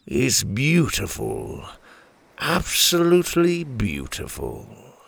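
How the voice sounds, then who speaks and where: A man's voice: medium pitch, huge pitch swings, slow pace, gravelly, a bit bright, breathy edge, dry recording, exaggerated voice. A man voicing a cocky male pirate captain with a playful, mocking manner. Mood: smug, playful.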